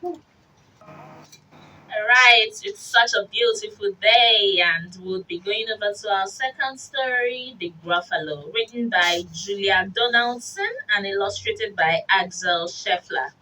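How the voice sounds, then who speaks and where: A woman hosting a children's radio show, reading stories aloud in an expressive, slow, animated way. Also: mid-range voice. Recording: distant mic with faint hiss.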